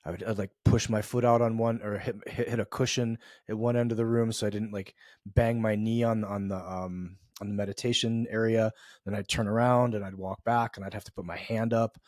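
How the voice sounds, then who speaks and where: A man's voice: lowish voice, little pitch movement, brisk, darkish tone, dry recording, studio quality. A middle-aged man from the US East Coast hosting a podcast, telling a reflective story in a loose, conversational way with many fillers and restarts. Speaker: podcast host.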